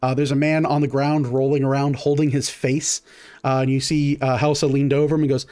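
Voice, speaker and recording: A man's voice: medium pitch, level tone, brisk, a little mellow, smooth, dry recording, studio quality. A man, narrating a tabletop game as game master in a casual, rambling way with many fillers.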